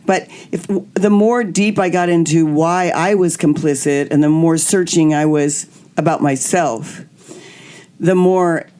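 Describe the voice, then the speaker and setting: A middle-aged woman hosting a podcast, telling candid personal stories in an animated way and acting out the voices of people she quotes. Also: sits low, a little slow. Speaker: podcast host. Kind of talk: candid storytelling chat.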